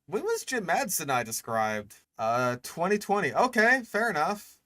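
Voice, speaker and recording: A man's voice: high-pitched, wildly swooping pitch, moderate pace, bright, forceful tone, no echo. A young man streaming casual reaction commentary, exasperated and sarcastic, swearing often.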